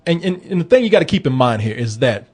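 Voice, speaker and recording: Animated guy hosting a movie podcast, husky voice, swears and jokes a lot. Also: mid-range voice, quick pace. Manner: animated, joking and profane. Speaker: movie review podcast host. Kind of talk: casual chat.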